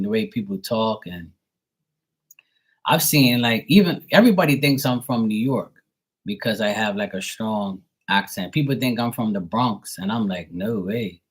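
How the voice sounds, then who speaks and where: Husky, profane man chatting loosely. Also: medium pitch. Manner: loose and profane, laughs often, mimics other people's voices. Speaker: tarot reader hosting a live stream. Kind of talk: casual rambling live-stream chat.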